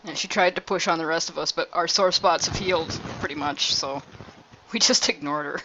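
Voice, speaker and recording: Player, casual chat, bright, muffled lo-fi sound, faint clicks. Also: mid-range voice, a little fast, a little hiss or hum. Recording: dull lo-fi mic with faint clicks.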